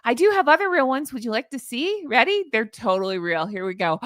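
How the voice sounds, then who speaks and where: A woman's voice: high voice, very animated, fairly quick, a bit bright, no echo, studio quality. A woman hosting her own channel, chatting sarcastically and laughing often as she shows viewers her joke pictures. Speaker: host. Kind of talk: casual commentary vlog.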